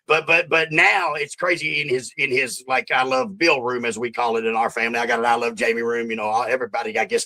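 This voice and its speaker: A man's voice: mid-range voice, bright, forceful tone, poor audio. A man in his fifties, born in Australia and raised in the American South, talking casually as an interview guest and rambling with lots of repeats. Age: 50s. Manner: rambling, repeats himself, says bro and man.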